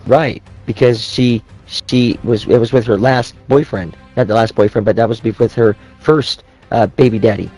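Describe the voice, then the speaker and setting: A man's voice: medium pitch, fairly even intonation, moderate pace, few pauses, a little mellow, faint music behind. A young man ranting as he retells an argument with friends, swearing often and acting out what each person said. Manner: profane, rambling, heated retelling of quoted dialogue. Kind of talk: ranting storytelling.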